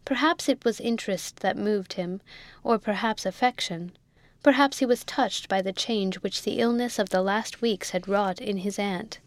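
A woman narrating a classic novel in a measured, expressive reading. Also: medium pitch, no echo. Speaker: audiobook narrator. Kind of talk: literary narration.

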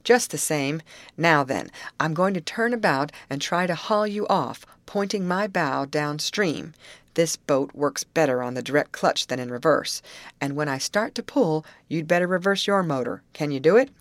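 A woman's voice: low-pitched, animated, normal speed, no echo. A woman reading a friendly but domineering male boatman in an audiobook, talking in a businesslike way. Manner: businesslike, used to giving orders. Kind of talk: audiobook character voice.

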